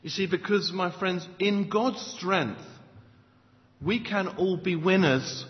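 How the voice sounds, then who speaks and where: A man preaching a sermon in a church, emphatic, with loud stresses and soft low asides. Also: slow pace. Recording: dull lo-fi sound with long hall reverb.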